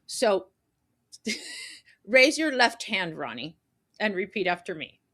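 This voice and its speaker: A woman's voice: mid-range voice, sing-song, takes it slowly, sharp tone. A woman co-hosts a podcast with a playful, talkative manner. She chats casually and keeps the conversation moving. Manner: playful, talkative, laughs easily. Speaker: podcast co-host.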